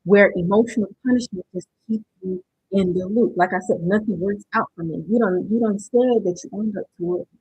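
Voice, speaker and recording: A woman's voice: mid-range voice, fairly quick, darkish tone, husky, no echo, highs cut off. A woman hosting a live-stream motivational workshop, talking conversationally and often checking in with her viewers with "right?". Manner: conversational, keeps asking "right?" to the chat; addresses viewers directly and checks they understand. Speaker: workshop host.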